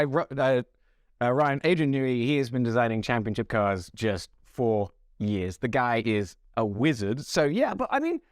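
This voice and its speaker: Lively joking man on a podcast. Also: mid-range voice, no echo, studio quality. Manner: animated, jokey, laughs often. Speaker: podcast co-host. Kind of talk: casual chat.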